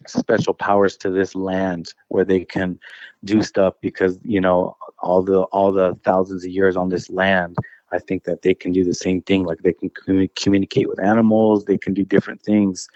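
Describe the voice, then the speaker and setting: A man's voice: deep voice, darkish tone, dry recording, lo-fi sound. A man casually telling a personal encounter story as a guest. He rambles, restarts his phrases and keeps saying dude and bro.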